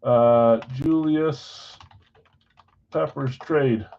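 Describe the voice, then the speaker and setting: A man hosting a live stream at a middle pitch, chatting loosely and calling out buyers' names as he goes. He sounds scattered and jokes at his own expense. The audio is dull and lo-fi. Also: extremely slow, creaky, warm tone. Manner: casual, scattered, self-deprecating, reads off buyers' names. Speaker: card break host. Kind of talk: live-stream chat running trades.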